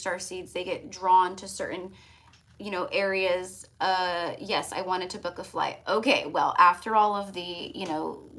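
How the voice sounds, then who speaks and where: A woman's voice: mid-range voice, a bit bright, a little hiss or hum, rough recording. A woman reading tarot on a live stream, chatty and affectionate, calling her viewers love and hon. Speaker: tarot reader.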